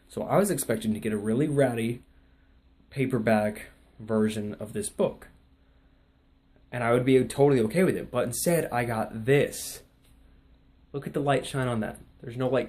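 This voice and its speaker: Young male vlogger, excitable and rambling, casual talk to camera. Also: medium pitch. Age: young adult. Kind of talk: casual vlog chat.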